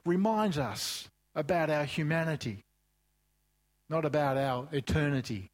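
A man's voice: a little high, measured pace. A man preaching a sermon, telling a story loosely with asides and then rising to fervent emphasis. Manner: loose and chatty, with asides and restarts.

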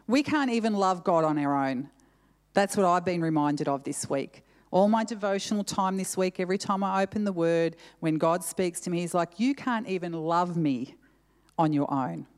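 A woman's voice: medium pitch, a little mellow. A woman preacher giving a sermon in an earnest, conversational way, repeating verses with shifting emphasis and adding casual asides. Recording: long hall reverb.

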